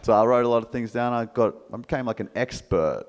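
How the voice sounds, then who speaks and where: A man's voice: mid-range voice, quick pace. A man with an Australian accent telling a jokey story to a live audience, acting out the voices of the people in it. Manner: animated, jokey, acts out quoted voices. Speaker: motivational speaker. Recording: reverberant hall.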